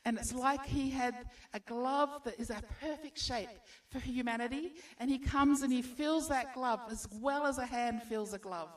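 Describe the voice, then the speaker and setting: A woman preaches to a congregation, posing rhetorical questions and encouraging her listeners. Her voice sits fairly high. She is recorded from a distance in a church. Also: normal speed, hardly any pauses. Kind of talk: sermon.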